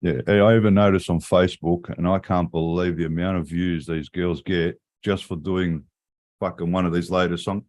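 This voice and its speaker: A man's voice: low-pitched, fairly even intonation, normal speed, darkish tone. A man in casual, profane livestream chat, laughing often and calling people mate. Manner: swears constantly, laughs often, says mate. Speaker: livestream co-host.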